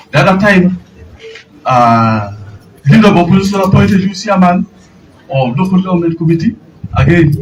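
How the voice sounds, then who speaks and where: A man with a Ugandan English accent, a by-election candidate, speaking at a press briefing and retelling exchanges with quoted lines. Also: a little high. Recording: noisy room from far off.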